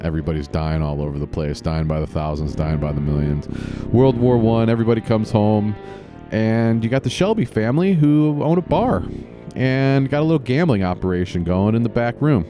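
A man's voice: lowish voice, fairly quick, dark tone, soft background music. A man hosting a casual solo podcast, rambling, often restarting his sentences and swearing casually. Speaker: podcast host.

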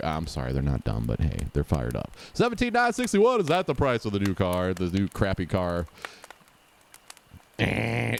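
A man's voice: sits low, darkish tone, slight background noise. A man giving sarcastic, mocking play-by-play of a game show rerun, talking back at the screen. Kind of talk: casual sarcastic play-by-play commentary.

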